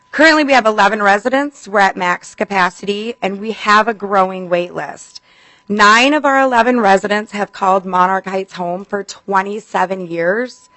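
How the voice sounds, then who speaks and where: A woman's voice: mid-range voice, fairly bright tone, no echo, poor audio. A middle-aged woman, a care facility administrator, giving earnest, emotional testimony to a legislative committee. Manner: earnest, apologetic, fast and emotional.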